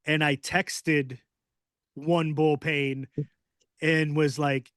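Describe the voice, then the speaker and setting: Animated man hosting, dry close sound. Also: on the high side, unhurried, no room sound. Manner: animated storyteller, acts out quoted voices loudly. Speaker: podcast host. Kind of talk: casual storytelling chat.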